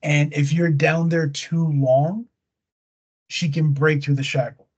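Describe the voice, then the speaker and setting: A husky, slightly high-voiced man talks loosely and animatedly, slangy as he walks through a scary movie's plot. The recording sounds dull and lo-fi. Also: little pitch movement, slow pace. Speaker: podcast host. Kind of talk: casual chat retelling a movie plot.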